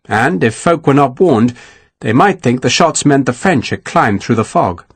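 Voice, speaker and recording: A man narrating a historical war novel in a measured, expressive storytelling manner. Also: medium pitch, breathy edge, no room sound. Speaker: audiobook narrator. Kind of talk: scripted narration.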